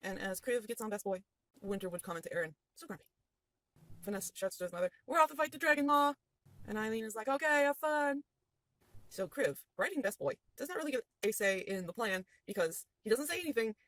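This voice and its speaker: A woman's voice: mid-range voice, lively intonation, fast talker, no room sound, poor audio. A woman as game master, recapping a tabletop game session with playful storytelling.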